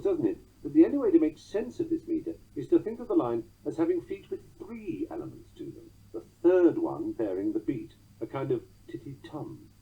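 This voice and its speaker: A man's voice: on the low side, slightly rough. A man narrating a lesson on poetic meter, reading in a rhythmic way and tapping out the beats aloud. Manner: rhythmic, sounds out metrical beats. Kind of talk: audiobook-style lesson reading. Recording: dull lo-fi recording.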